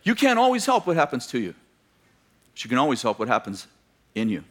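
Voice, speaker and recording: A pastor preaches a sermon at medium pitch, his voice swooping wildly up and down as he talks a little fast. He tells stories, acts out the voices of the people in them, and tosses joking asides to his listeners.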